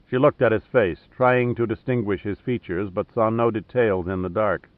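Low-voiced man narrating an audiobook. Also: normal speed, dry recording. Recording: narrow phone-like sound.

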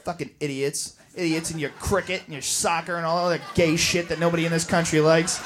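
An American man doing a profane, shouting stand-up rant, recorded live in a comedy club. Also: on the high side, level tone, a little fast. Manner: profane, shouting, mocking voices. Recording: live club with crowd and noise.

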